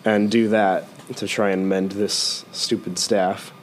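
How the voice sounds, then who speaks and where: A man's voice: lowish voice, flat delivery, slow, a little hiss or hum. A man playing a tabletop role-playing game, talking through his character's actions in a rambling way. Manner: rambling, full of uh and like. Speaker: player.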